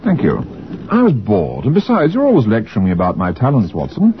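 A wry laid-back detective, dry wit, a bit dull radio sound. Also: male voice, on the low side, huge pitch swings, brisk, slight background noise. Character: dry, languid, witty gentleman detective.

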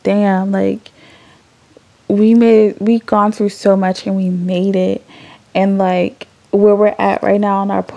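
Young adult woman podcast host; warm, raspy-fried voice, rambling and emotional. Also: medium pitch. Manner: candid and emotional, swears freely, rambling with fillers. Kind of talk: casual chat.

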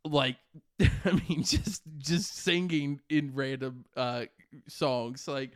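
A man's voice: mid-range voice, steady tone, takes it slowly, dry recording, clean studio sound. A young man co-hosting a casual chat podcast, giggly and enthusiastic, laughing often. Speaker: podcast co-host.

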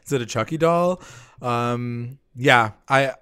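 A young man co-hosting a casual TV recap podcast, relaxed and chatty, saying y'all and swearing now and then. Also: mid-range voice, takes it slowly, clean tone. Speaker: podcast co-host.

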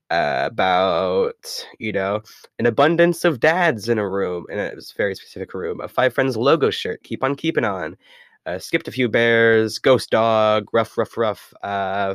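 A man hosts his own podcast in a loose, rambling way, often stopping to correct himself and chuckle. His voice sits fairly low, and the recording is dry and close with no room sound. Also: dry recording. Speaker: podcast host. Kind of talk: casual podcast talk.

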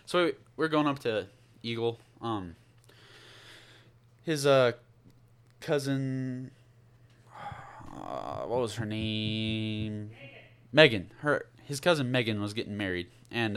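A man's voice: lowish voice, measured pace, pauses often, a bit bright, smooth. A young man co-hosting a casual podcast, telling a story in a rambling way and losing his thread. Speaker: podcast co-host.

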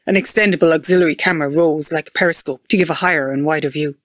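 Even, measured sci-fi story reading, dry close sound. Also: medium pitch, dry recording. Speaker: manuscript reader.

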